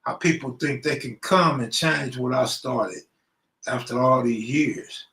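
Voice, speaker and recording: A man's voice: mid-range voice, unhurried, fairly bright tone, echoey room, poor audio. A man from Los Angeles hosting a casual live stream, greeting viewers by name and talking in loose street slang. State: out of breath. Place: room at home, alone.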